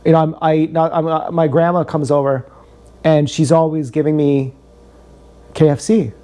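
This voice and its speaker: A young man livestreams a rambling personal story, swearing freely and circling back on himself. His voice sits a little high with a warm, mellow tone. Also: flat delivery, moderate pace. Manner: meandering, profane, joking, repeats himself.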